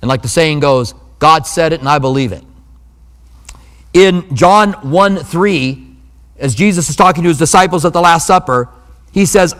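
A man's voice: a little high, animated, moderate pace, a bit bright, in a large hall. A man preaching a sermon as pastor, in a conversational manner with humorous asides.

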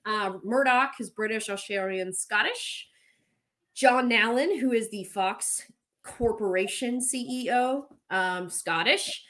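A woman's voice: fairly high pitch, slow pace, sharp tone. A woman hosting a casual chat, talking candidly and swearing now and then as she runs through what she looked up. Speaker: host.

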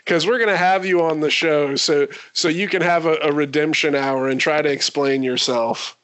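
Male podcast co-host, casual and plain, slightly raised pitch. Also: steady tone, moderate pace, fairly bright tone, smooth, dry recording. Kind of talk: casual chat.

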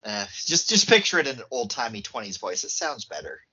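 A man's voice: medium pitch, huge pitch swings, a little fast, sharp tone, breathy edge, dull audio. A man co-hosting a podcast, trading short replies and dry puns in casual film talk. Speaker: podcast co-host.

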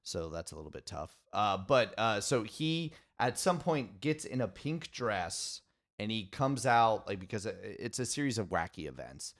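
A man co-hosting a podcast, retelling a cartoon episode in an excitable, laughing way. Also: lowish voice, moderate pace. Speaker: podcast co-host. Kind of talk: casual chat.

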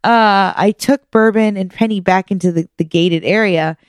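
A woman co-hosts a casual chat at a middling pitch, recorded close and dry with no room sound. She tells her stories with animation, laughing often and slipping into the voices of the people she talks about. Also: moderate pace, no room sound.

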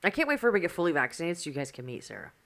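A woman's voice: lowish voice, sing-song, very fast, a bit bright. A woman co-hosting a podcast in casual chat, blunt and dry in her teasing. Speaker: podcast co-host.

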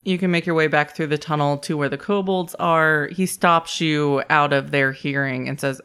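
A man's voice: fairly high pitch, steady tone, normal speed, few pauses, sharp tone, smooth. A man running a tabletop game as game master, speaking casually, laughing often and swearing now and then.

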